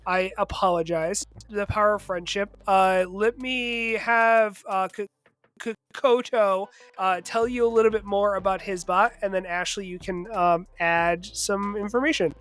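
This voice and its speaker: Rambling woman host, mid pitch. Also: fairly even intonation, moderate pace, few pauses, fairly bright tone. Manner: rambling, many fillers and restarts. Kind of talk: casual chat.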